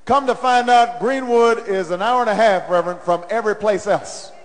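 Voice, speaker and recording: A middle-aged man tells a rally story with a striking high-pitched voice that climbs into a chanting call-and-response. His words ring out with a long reverb through a large arena. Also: normal speed. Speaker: presidential candidate. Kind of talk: campaign rally speech.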